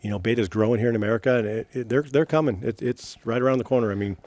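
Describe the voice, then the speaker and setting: Fast-talking, mellow-voiced middle-aged man. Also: mid-range voice, fairly even intonation. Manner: rambling, self-correcting. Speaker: guest, retired racer. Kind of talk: casual interview chat.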